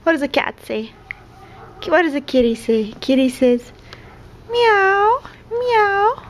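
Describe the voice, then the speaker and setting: A woman's voice: high voice, moderate pace, a little mellow, a little hiss or hum, rough recording. A mother talking patiently in baby talk, prompting her toddler to copy animal sounds. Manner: sing-song, patient prompting.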